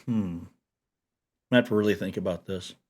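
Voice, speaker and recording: A man's voice: low voice, moderate pace. Brief: easygoing male co-host who rambles and jokes in casual stream chat. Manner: relaxed, rambling and joking.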